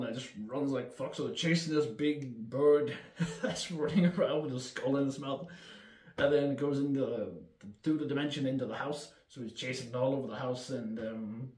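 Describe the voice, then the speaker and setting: A man's voice: mid-range voice, darkish tone, distant mic. A man casually recapping a film plot, swearing often, laughing and rambling as he goes. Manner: profane, laughing, rambling storyteller. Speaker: film reviewer. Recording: echoey room, mic set back.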